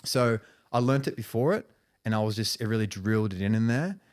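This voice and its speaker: A man's voice: on the low side, a little fast, darkish tone. A man, a podcast guest, telling stories in casual conversation, rambling and restarting phrases, with frequent "you know" and "right".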